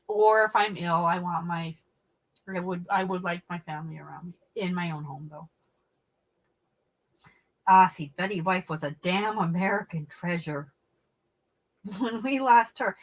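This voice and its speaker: A middle-aged woman hosting a casual livestream, chatting with viewers and telling stories in an animated, blunt way with some swearing. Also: mid-range voice, poor audio. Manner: chatty, reads and answers viewer comments. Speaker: livestream host.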